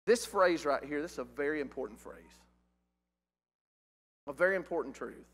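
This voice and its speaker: A man preaching a sermon in a church, animated, asking the congregation rhetorical questions. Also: on the high side, normal speed, husky. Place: church auditorium. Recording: long hall reverb.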